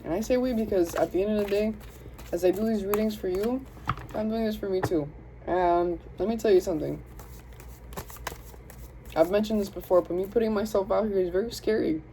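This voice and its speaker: A young woman from the Southern United States, with a Southern accent and a medium-pitched voice, gives a casual, chatty tarot reading. She talks briskly but with long pauses over background noise, addressing spirit and her viewers in slangy, self-interrupting speech.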